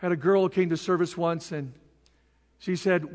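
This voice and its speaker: A man preaching a sermon with passion, building up to shouted peaks. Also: fairly high pitch, fairly even intonation, brisk, in a large hall.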